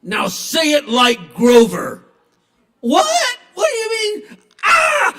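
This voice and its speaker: A beaten-up bully pleads and sobs in a shrill, strained wail. The voice jumps far above the speaker's own, loud and breaking into crying shouts. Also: male voice, huge pitch swings, a little slow, roomy sound, faint music behind, full character voice. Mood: sobbing panic. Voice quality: high wailing sobbing shout. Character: crying redneck trucker man pinned down, pleading.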